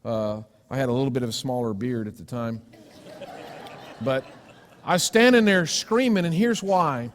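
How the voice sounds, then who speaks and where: A man preaching a sermon, telling a personal story with sudden loud cries and hushed, gentle asides. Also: mid-range voice, moderate pace, pauses often, slight background noise. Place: church sanctuary. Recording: long church reverb.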